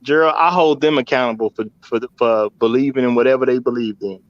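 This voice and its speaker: A man's voice: mid-range voice, fast, no room sound. Blunt man on a dull, dry line. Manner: blunt and emphatic. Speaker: panel guest. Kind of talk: casual call-in chat.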